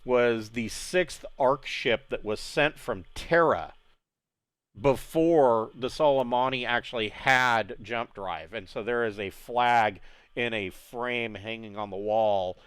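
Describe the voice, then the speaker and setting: Rambling male game master, smooth and dry. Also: medium pitch, slow pace, fairly bright tone, no room sound. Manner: casual, rambling, laughs often. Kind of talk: narrating a tabletop game.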